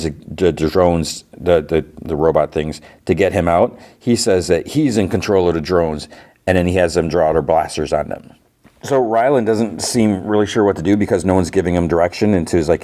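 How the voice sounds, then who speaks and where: A man's voice: sits low, mellow. A man hosting a podcast, casually recapping a TV episode in a loose, filler-heavy way. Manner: rambling, filler-heavy retelling with many "like" and "you know". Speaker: podcast host.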